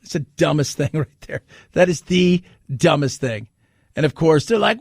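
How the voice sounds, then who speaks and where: A man's voice: a little high, lively intonation, a little slow, creaky, dry recording. A male talk radio host in his forties giving an indignant, sarcastic rant into a studio microphone. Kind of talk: opinionated talk radio monologue.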